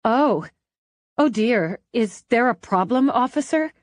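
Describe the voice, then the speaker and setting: A woman's voice: fairly high pitch, animated, slow pace, dry recording, pitched above the performer's own voice. Woman voicing a chirpy, eager restaurant hostess. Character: bubbly young female restaurant hostess. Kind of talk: audiobook character voice.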